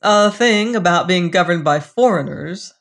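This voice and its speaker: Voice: mid-range voice, animated, a little slow, fairly bright tone. A reader voicing a burly, suspicious uncle who speaks in a sly, needling way.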